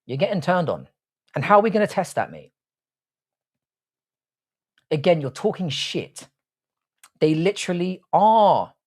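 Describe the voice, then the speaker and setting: A young man hosts a casual live stream, his voice swinging lively up and down as he talks. He teases his viewers with crude, swear-heavy banter. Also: sits high, a little slow, pauses often. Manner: crude, teasing, swears freely. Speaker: livestream host reading chat.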